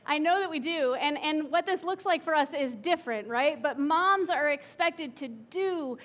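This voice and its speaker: Woman pastor giving a sermon, pretty high voice, chatty, keeps asking the room stuff. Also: moderate pace, a bit bright. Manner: conversational, asks the congregation questions.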